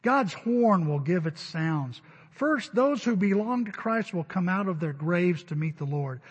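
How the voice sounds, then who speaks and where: A man preaching a Sunday sermon as pastor, emphatic and rising to loud stresses. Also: high voice, lively intonation, a little slow, slightly rough. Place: church sanctuary. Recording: dull recording with long hall reverb.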